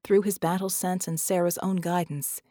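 A woman reading an audiobook in a measured, dramatic narration. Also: on the low side, little pitch movement, dark tone, dry recording, studio quality. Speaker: audiobook reader.

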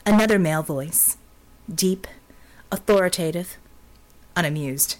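A woman reading a novel aloud as an audiobook narrator, steady and expressive. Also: fairly low pitch, a little slow. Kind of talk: scripted narration.

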